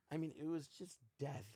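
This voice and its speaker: Older man telling animated show stories. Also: on the high side. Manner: animated, acts out quotes in varied voices. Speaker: podcast guest. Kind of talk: casual storytelling chat.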